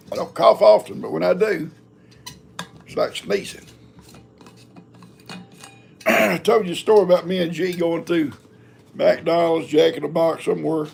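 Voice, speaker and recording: A man's voice: fairly high pitch, creaky, breathy edge. An older man, hosting a live stream in a rambling, folksy chat and talking to his cats. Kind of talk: casual chat.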